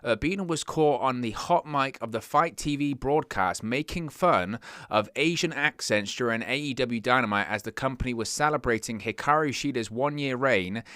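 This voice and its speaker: A man's voice: mid-range voice, normal speed, a bit bright, clear, resonant tone, no echo, studio quality. A young man hosting a wrestling news show, talking earnestly and stumbling over words when he gets worked up. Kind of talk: casual news commentary.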